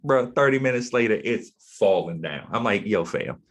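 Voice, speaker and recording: A man's voice: medium pitch, expressive, normal speed. A young man, a podcast host from the Eastern Shore, chatting in a laid-back, slangy way and often repeating words. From Eastern Shore, USA. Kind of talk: casual chat.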